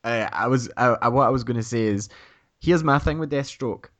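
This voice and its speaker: A man's voice: medium pitch, brisk, a bit bright. Rambling, jokey man hosting a podcast. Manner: rambling, jokey, laughs at himself. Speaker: podcast host. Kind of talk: casual chat.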